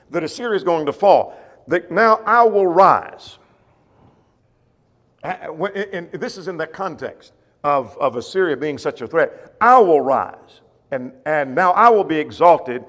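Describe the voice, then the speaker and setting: Man teaching Bible class, hall reverb. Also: medium pitch. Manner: explanatory, paraphrases scripture in plain words, with fillers and restarts. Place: church classroom.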